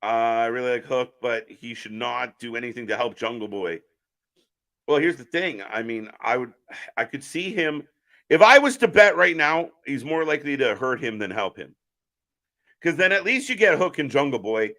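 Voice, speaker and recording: Male stream host, bright, forward voice, loose chatty commentary while reading out chat. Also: mid-range voice, animated, moderate pace. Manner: chatty, answers viewer chat while calling the action. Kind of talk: casual live wrestling watch-along commentary.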